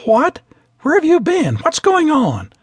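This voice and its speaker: A flustered young flight attendant with a high voice that jumps and stammers, put on by a male audiobook narrator. Her husky tone climbs as she panics, in a dry, close reading. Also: lively intonation, moderate pace, no echo, exaggerated voice. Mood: bewildered. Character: flustered young woman flight attendant, sassy then scared.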